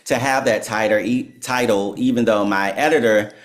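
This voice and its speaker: A man, a psychologist and author, telling a story in conversation, animated, laughing often and peppering his talk with "like" and "right?". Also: fairly low pitch, normal speed. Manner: animated storyteller who laughs and acts out quotes; filler-heavy with "like" and "right?".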